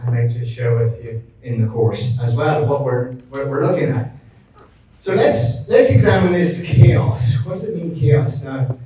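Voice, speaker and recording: A man's voice: mid-range voice, darkish tone, slight background noise. Joking Irish man in a roomy hall. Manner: upbeat, joking, addresses audience by name. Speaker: resilience consultant presenting a session. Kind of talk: live seminar talk. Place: large event room. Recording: very roomy, mic at a distance.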